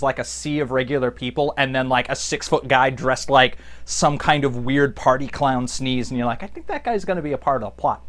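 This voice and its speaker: A comic reviewer recapping a comic in a casual, rambling, jokey way with many fillers. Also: medium pitch.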